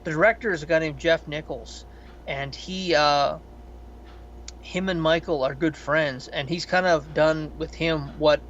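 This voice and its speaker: Man, podcast co-host, higher-pitched voice, rambling, swears freely, muffled lo-fi audio, faint hiss. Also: a little slow. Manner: rambling, profane, animated storytelling. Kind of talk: casual film review chat.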